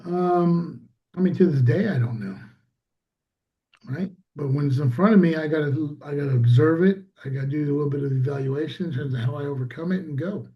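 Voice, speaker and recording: Animated man telling a business story. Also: a little high, brisk, dull audio. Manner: animated storytelling, acts out quoted dialogue. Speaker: guest, business owner. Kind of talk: casual conversation.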